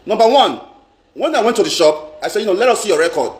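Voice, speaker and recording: Nigerian man, high pitch, emphatic live-stream vlogger, echoey room. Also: expressive, fast. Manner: emphatic, repeats phrases, mixes in pidgin. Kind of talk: casual live-stream rant. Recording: roomy echo.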